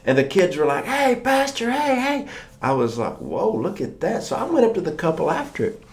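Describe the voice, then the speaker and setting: A man's voice: on the high side, big pitch swings, brisk, darkish tone. A man preaching a morning sermon in a conversational storytelling way, acting out the voices of the people he quotes.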